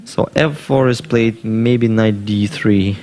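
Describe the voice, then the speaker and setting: A man commentating live on a chess game, thinking aloud through variations in a measured way. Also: lowish voice, steady tone, darkish tone, slight background noise.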